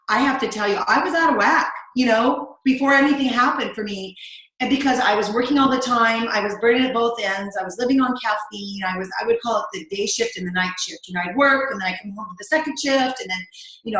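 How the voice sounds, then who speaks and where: A woman's voice: fairly high pitch, a bit bright. A middle-aged woman talking as an interview guest, chatty and confiding, often saying "you know". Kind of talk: casual interview chat. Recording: very echoey room.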